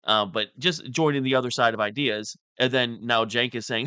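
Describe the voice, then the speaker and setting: A man giving loose, joking reaction commentary from a close mic, his voice bright and a bit nasal. The sound is dry, with no room around it. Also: mid-range voice, brisk, few pauses, clean tone, dry recording. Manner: loose and joking, laughs a lot, mocking impressions. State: a little stoned and nasal. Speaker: commentary streamer.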